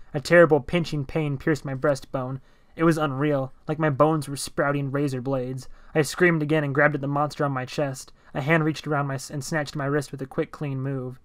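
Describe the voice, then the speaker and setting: A man giving an amateur audiobook reading of a novel, telling it in first person in a brisk, tense way. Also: a little high, flat delivery, a bit bright, no room sound.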